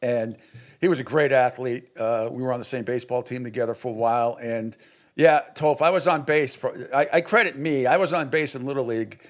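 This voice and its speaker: A man's voice: medium pitch, brisk. A middle-aged man from New England, a sports radio host, telling a rambling story with many restarts and acted-out quotes. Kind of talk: casual storytelling.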